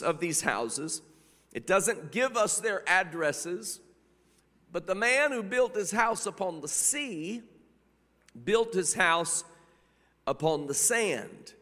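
Male preacher, high-pitched, slow and deliberate, sermon in a big echoing hall. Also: sharp tone. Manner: preaching cadence with repetitions and exclamations of hallelujah. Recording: long reverb of a large hall.

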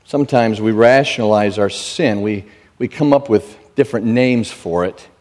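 A man preaching a sermon in a slow, deliberate way, his voice climbing high and emphatic on key lines. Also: a little mellow. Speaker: pastor.

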